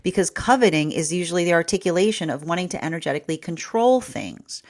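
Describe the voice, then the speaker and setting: Low-pitched lady doing a rambly tarot reading, lots of um and like. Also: animated, fast, a little mellow. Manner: rambling, repeats words, many fillers. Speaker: tarot reader.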